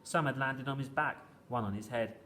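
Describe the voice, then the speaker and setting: A man reading a children's story aloud with steady, gently expressive storytelling. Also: medium pitch, normal speed, slight background noise.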